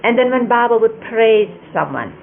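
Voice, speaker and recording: An older woman gently recalling a teacher's hand gestures, explaining each one at an unhurried pace. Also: on the high side, expressive, vocal fry. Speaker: speaker recalling a spiritual teacher. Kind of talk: reminiscing explanation. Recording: lo-fi phone-like archive recording with faint hiss.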